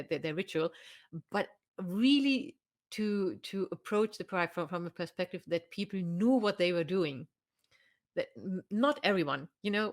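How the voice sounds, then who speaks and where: A woman scholar, a guest in an academic conversation, who talks haltingly and searches for her words. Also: on the low side.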